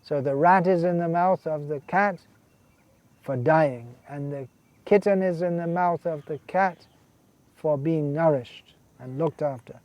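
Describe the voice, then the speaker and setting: A man's voice: a little high, unhurried, dry recording, dull audio. A man giving a scripture lecture as a monk, earnest and emphatic, repeating key words and reading out quotations. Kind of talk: sermon.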